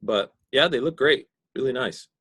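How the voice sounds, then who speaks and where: A man's voice: medium pitch, expressive, normal speed, pushed and bright, slightly rough, no room sound. Dry-voiced man giving class critique. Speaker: instructor.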